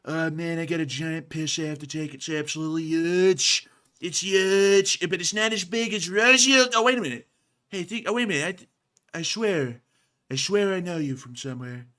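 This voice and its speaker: A man's voice: on the high side, moderate pace, pushed and bright, pitched above the performer's own voice. Man doing a brash blustering older American. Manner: boastful, blustering.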